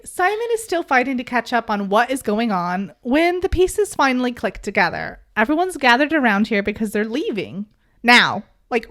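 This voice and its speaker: Playful woman recapping a book. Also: a little high. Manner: playful, recapping with jokes and giggles. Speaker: podcast host. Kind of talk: casual book recap chat.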